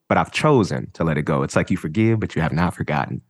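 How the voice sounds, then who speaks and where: Deep-voiced man, dry close sound. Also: fast, no room sound. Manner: relaxed, reflective, slangy. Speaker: podcast co-host. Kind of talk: casual chat.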